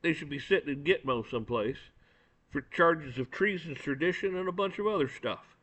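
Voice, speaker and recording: A man's voice: a little high, moderate pace, a bit bright. A man giving a blunt, profane and angry opinion rant, often stumbling and repeating words. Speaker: commentator. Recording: dull lo-fi recording.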